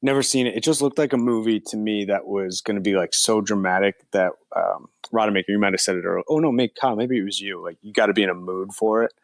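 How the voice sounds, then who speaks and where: A man's voice: fairly low pitch, fast talker, hardly any pauses, no echo. A man co-hosting a movie podcast, joking and self-deprecating in casual chat. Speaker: podcast co-host.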